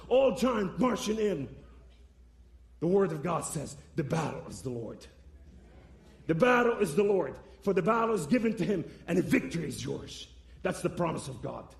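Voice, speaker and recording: A man giving preached testimony to a church, impassioned, swinging between loud and soft. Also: high-pitched, vocal fry. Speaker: guest speaker giving testimony. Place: church sanctuary. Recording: echoey room sound.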